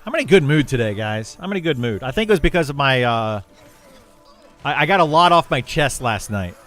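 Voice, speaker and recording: A man's voice: medium pitch, expressive, fairly quick, a bit bright, soft background music. A young man streaming a game and chatting casually with viewers, rambling with lots of fillers and restarts. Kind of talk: casual livestream chat with viewers.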